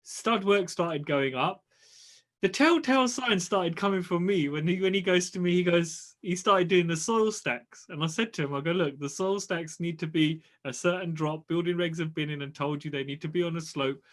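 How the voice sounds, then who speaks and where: A man's voice: on the high side, normal speed, a bit bright. A young man co-hosting a podcast, telling a story in a laid-back, slangy way with laughs. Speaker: podcast co-host. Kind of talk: casual storytelling chat.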